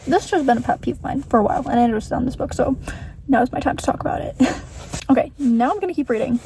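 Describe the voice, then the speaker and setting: A woman's voice: sits high, fast talker, creaky, warm tone, a little hiss or hum. A young adult woman chatting casually in a reading vlog, rambling and earnest, often breaking into laughter as she talks about books. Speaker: book vlogger.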